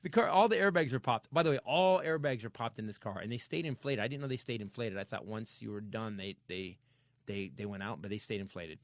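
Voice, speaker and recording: A man hosting a comedy podcast, telling a story in a casual, animated way and acting out sound effects. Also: fairly low pitch, fairly quick, no echo. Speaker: podcast host.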